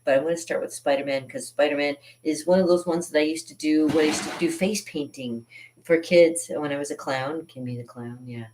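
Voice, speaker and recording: Low-voiced chatty woman artist. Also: fairly even intonation, fairly quick, background noise. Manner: chatty and rambling, with frequent laughs. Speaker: artist hosting a live drawing stream. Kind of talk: casual live drawing tutorial.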